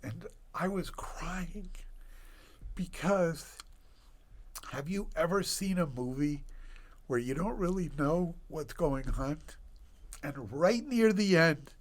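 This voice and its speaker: An older man, a doctor guest on a podcast, telling a personal story in conversation with animated delivery and laughter. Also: a little high.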